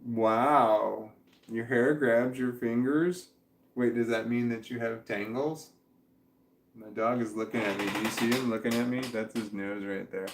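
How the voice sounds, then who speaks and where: A man talks through viewer comments in a loose, halting way, repeating and restarting words. His voice sits at an ordinary middle pitch for a man. The room around him rings with a noticeable echo. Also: steady tone, a little hiss or hum. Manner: halting, repeats words, reads comments aloud and stumbles over them. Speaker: vlogger reading chat comments. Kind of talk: casual livestream chat. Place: indoors at home with his dog. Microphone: webcam.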